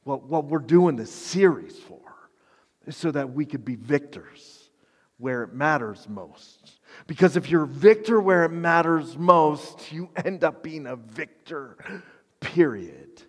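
A man preaching with animated, self-deprecating humor, his voice pitched a little high for a man. The sound carries a long hall reverb behind it. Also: measured pace, husky. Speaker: pastor. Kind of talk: sermon.

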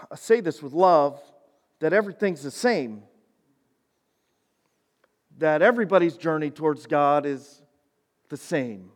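Man, youth sermon, high voice, long church reverb. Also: darkish tone. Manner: casual, folksy, builds to emphatic preaching. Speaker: youth pastor. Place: church sanctuary.

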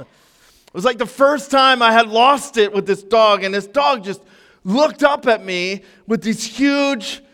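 A man's voice: high voice, moderate pace, bright, forceful tone. A man preaching a sermon in a casual, conversational storytelling way, full of fillers. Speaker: pastor. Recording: long hall reverb.

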